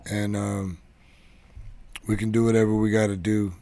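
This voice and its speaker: A man's voice: lowish voice, flat delivery, moderate pace, warm tone. A man hosting a casual livestream giveaway show, talking in a loose, rambling way and swearing offhandedly. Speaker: show host.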